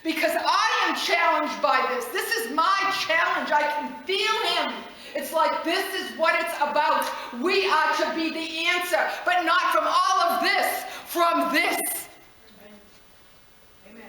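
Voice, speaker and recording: An impassioned woman preacher with a high, bright voice. She builds to near-shouts and laughs as she speaks. The room around her is very echoey. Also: measured pace. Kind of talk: passionate sermon.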